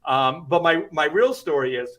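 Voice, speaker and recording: A man's voice: on the high side, lively intonation, normal speed, fairly bright tone. A middle-aged man, a comic artist, telling a rambling anecdote in casual chat and laughing through it.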